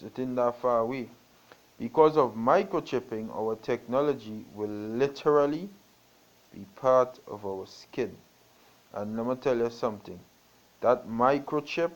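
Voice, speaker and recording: A man in the middle of a sermon, reading passages aloud and breaking off to explain them. His voice sits at an ordinary mid pitch and grows louder and more emphatic on key words. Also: moderate pace, poor audio. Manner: reads aloud with asides, rising to emphatic. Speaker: preacher.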